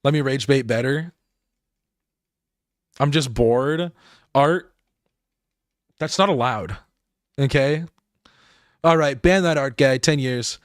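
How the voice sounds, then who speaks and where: A man's voice: medium pitch, slow pace, pauses often, no room sound, clean studio sound. A man streaming a game live, rambling and laughing as he talks to his chat.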